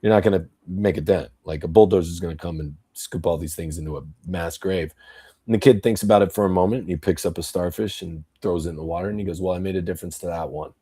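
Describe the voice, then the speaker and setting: Low, dark-voiced man ranting bluntly. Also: quick pace, slightly rough. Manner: blunt, profane, rambling political rant; tells stories with acted quotes. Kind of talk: casual podcast talk.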